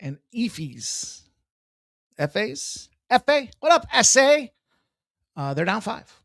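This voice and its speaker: A man hosting a live sports betting stream, brash, excitable and profane as he rattles off picks and jokes. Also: very high voice, takes it slowly, no echo, studio quality. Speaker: sports betting show host. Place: room with a hockey banner on the wall.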